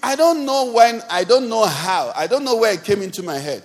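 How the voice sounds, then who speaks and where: A man's voice: high-pitched, lively intonation, normal speed. A man with a Nigerian accent preaching a sermon as pastor, building up with repeated refrains. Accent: Nigerian English. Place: church service.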